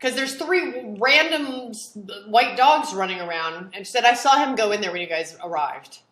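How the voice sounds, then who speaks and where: A woman co-hosting a talk show, telling a personal story in a casual way and acting out the people in it with big swings in pitch and volume. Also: moderate pace, reverberant. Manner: animated, acts out quotes with sharp jumps in pitch and volume. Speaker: podcast co-host.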